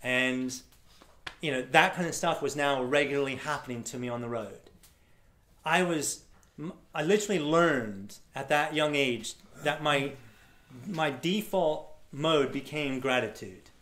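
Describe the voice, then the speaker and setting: A man's voice: mid-range voice, unhurried, a bit bright, roomy sound. A man telling stories to an audience as a motivational speaker, acting out the voices of people he met and laughing often. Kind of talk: storytelling talk to a live audience.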